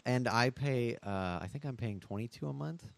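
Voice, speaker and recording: A man co-hosting a podcast, explaining in a laid-back, halting way. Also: mid-range voice, vocal fry, dry recording. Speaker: podcast co-host. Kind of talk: casual chat.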